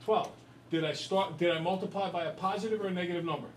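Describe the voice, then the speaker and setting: A man teaches a classroom math lesson in a chatty, lively way, trading quick questions with his students. His voice sits a bit high for a man, with a faint hum of ambient noise behind him. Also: low-quality recording. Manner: lively, chatty storyteller who quizzes the class. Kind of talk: classroom lecture with storytelling.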